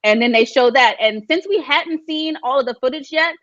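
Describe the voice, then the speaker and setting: Reality-show contestant, woman, lively storyteller who slips into quoted voices; close dry mic with a dull lo-fi tone. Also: sits high, normal speed, no echo. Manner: animated storyteller, acts out quotes of others. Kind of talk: casual interview chat.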